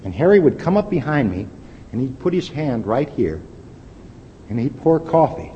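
Speaking at a moderate pace with a sing-song lilt, an older man shares a candid, wry, plain-spoken testimony at a recovery meeting. The audio is lo-fi, with hall echo and a faint rumble.

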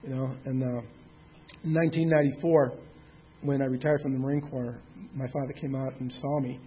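Sharing his recovery story as personal testimony at a meeting, a man in his sixties speaks candidly and plainly, cursing mildly from time to time. His mid-range voice has a breathy edge and fairly even intonation at a fairly quick pace. The highs are cut off.

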